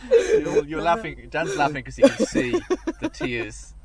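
Male podcast co-host, giggly, animated up-and-down delivery. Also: on the high side, measured pace, crowd noise. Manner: giggly, breaks into laughter often. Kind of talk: casual chat.

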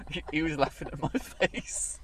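A man's voice: fairly high pitch, takes it slowly, background noise. A man co-hosting a podcast in casual chat, often breaking into laughter. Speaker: podcast co-host.

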